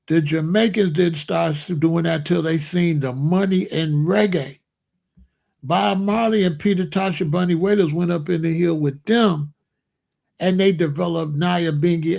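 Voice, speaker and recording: A man with a gravelly, creaky voice sitting a touch high for a man. He hosts a livestream and lectures his chat insistently, hammering the same points again and again. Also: a little mellow. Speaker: streamer host. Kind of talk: livestream commentary answering chat.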